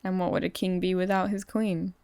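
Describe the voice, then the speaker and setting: A woman's voice: on the low side, level tone, a little fast, dark tone, clear, resonant tone, no echo. A woman from Ireland co-hosting a podcast in casual chat, trading wry, playful quips. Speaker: podcast co-host.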